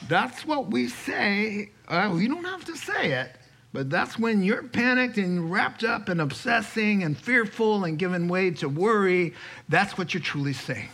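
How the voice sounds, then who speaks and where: A man preaching from the pulpit with a bright, forceful voice that sits a little high. He teaches in an animated way, acting out anxious quoted voices and chuckling now and then. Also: measured pace, gravelly. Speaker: pastor. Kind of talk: sermon.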